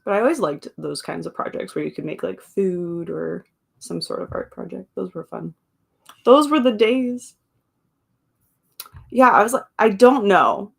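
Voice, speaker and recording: A woman's voice: lowish voice, animated, normal speed, gravelly, slightly rough. Chatty woman hosting a live stream. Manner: chatty, laughs often, trails off into asides. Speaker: livestream host. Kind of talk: casual chat reading viewer comments aloud.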